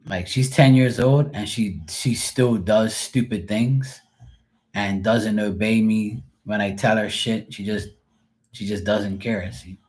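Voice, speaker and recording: A man's voice: on the low side, steady tone, takes it slowly, darkish tone. A middle-aged man hosting a live stream, chatting casually and rambling through stories, acting out the people in them. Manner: rambling, storytelling with voiced quotes. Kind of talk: casual chat.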